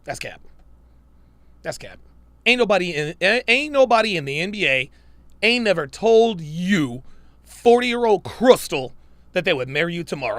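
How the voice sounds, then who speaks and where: Animated mocking male reaction host. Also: high voice, moderate pace, long pauses, dry recording. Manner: mocking, exasperated, swears a lot; laughs in disbelief. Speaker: show host reacting to clips. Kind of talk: crude live reaction commentary.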